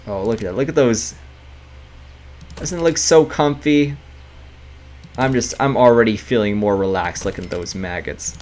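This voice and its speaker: A man's voice: on the low side, normal speed, pauses often, a little mellow. A man casually commenting while playing a management game, chatty and often laughing, reading game text aloud. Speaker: gaming writer streaming a game. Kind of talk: casual let's-play commentary.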